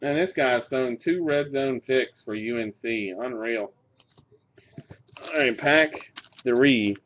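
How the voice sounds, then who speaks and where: A man talks slowly and easily, reading out cards with the odd curse and chuckle. His voice comes through a dull, lo-fi webcam microphone. He sounds loose and unhurried. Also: mid-range voice, a little hiss or hum. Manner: laid-back, swears and laughs while reading out cards. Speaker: card breaker. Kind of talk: casual card-pack opening commentary. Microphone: webcam mic.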